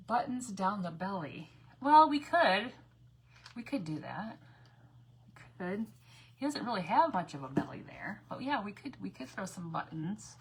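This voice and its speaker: A woman's voice: medium pitch, fairly bright tone. Chatty lady rambling through a craft stream, reading viewer comments, a little hiss behind her. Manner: frequent self-corrections and repeated phrases. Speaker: craft livestream host. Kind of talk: casual craft livestream chat.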